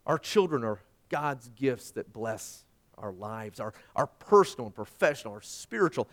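A middle-aged man preaching a sermon, telling a personal story and swinging from hushed tones to loud emphasis. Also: mid-range voice, big pitch swings, normal speed. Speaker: pastor.

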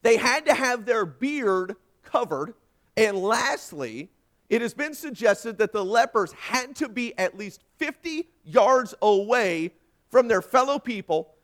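Animated high-voiced preacher. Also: male voice. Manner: dramatic swings from loud emphasis to hushed near-whisper; folksy asides to the congregation. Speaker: pastor. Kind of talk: sermon.

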